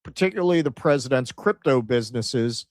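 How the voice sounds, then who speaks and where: Mid-pitched New co-host, wry and chatty, dry sound. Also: male voice, lively intonation, brisk, dry recording. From New York. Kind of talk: casual livestream chat.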